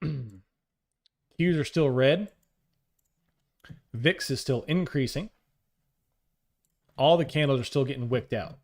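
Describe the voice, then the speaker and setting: A man's voice: mid-range voice, slow, long pauses. A man on a live trading stream, calling out prices, coaxing the market and joking with chat. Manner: talks to the market and reads chat aloud, joking and upbeat.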